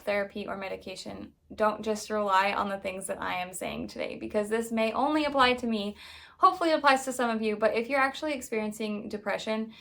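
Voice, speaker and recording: A woman in her thirties talks casually straight to camera about family life, her voice sitting a little high. She is candid and chatty, full of "like" fillers, and her voice leaps up when something excites her. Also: vocal fry. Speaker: mom vlogger.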